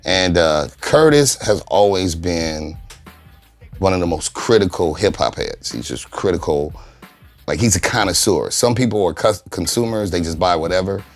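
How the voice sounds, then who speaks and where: A studio co-founder with a very deep voice recalls how the studio began, speaking at normal speed in a relaxed, casual interview. His storytelling is loose, profane street talk that livens up whenever he quotes friends, while soft music plays faintly underneath.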